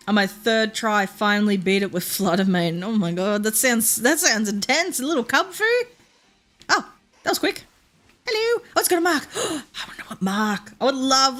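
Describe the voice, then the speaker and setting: Streaming a game, a young woman from Queensland, Australia, keeps up a loose, rambling chat full of fillers and laughs. Her fairly bright voice sits a little high.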